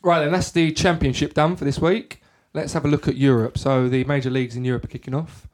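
A man's voice: medium pitch, little pitch movement, fast. A man leading a casual football chat with friends. He talks through the week's fixtures in an easy, matter-of-fact way, giving dry opinions as he goes. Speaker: podcast host.

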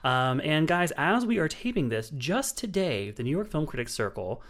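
A man's voice: fairly high pitch, sing-song, normal speed, fairly bright tone. A man co-hosting a casual film review podcast, chatty and thinking aloud with lots of fillers and restarts.

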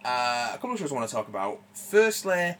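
A man's voice: medium pitch, big pitch swings, fairly quick, a bit bright. A man co-hosting a podcast, chatting casually and rambling with lots of ums and restarts. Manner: rambling, many fillers and restarts. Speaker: podcast co-host. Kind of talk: casual chat.

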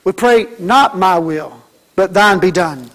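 High-pitched preacher guy, folksy sermon, does little voices for kids and church folk. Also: animated, slow, a bit bright. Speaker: pastor.

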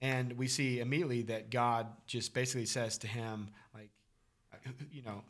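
A man's voice: mid-range voice, fairly even intonation, normal speed, a bit bright. A man co-hosting a casual Bible discussion, acting out quoted dialogue with animation. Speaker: podcast co-host.

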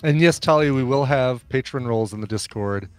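A man's voice: mid-range voice, brisk, smooth, no room sound, faint music behind. A man co-hosting a podcast who talks in a chatty, rambling way and tells stories with animation. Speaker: podcast co-host. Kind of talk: casual podcast chat.

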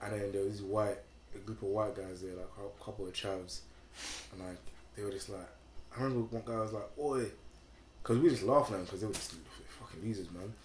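A man's voice: lowish voice, fairly even intonation, quick pace. A young man with a London accent telling stories in a casual chat, full of slang and fillers. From England. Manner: slangy storytelling with many fillers. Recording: echoey room with faint background noise.

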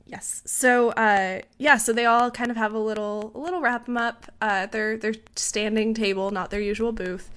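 Woman podcast co-host, casual recap chatter, a bit high-pitched, quick jokey asides. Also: steady tone, fairly bright tone. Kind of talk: casual chat recapping a sitcom episode.

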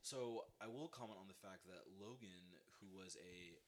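A young man hosts a podcast with a slightly low voice. He rambles in a goofy, joking way through casual chat. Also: normal speed. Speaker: podcast host.

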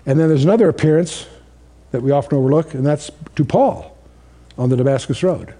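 A man's voice: on the high side, fairly quick, dark tone. A man preaching a sermon in a conversational, storytelling way, asking the audience questions.

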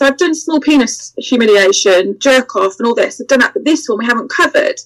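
Guest spot: high-pitched woman, lively and candid, acts out every voice in her anecdotes. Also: brisk, few pauses, low-quality recording. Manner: animated, acts out quoted voices, laughs through the story. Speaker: interview guest. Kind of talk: candid storytelling in a podcast interview.

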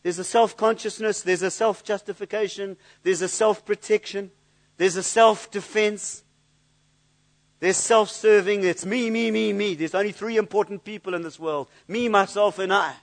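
A man's voice: high-pitched, steady tone, normal speed. A man preaching a sermon in an earnest, searching way, often repeating words as he looks for the next thought. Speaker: pastor.

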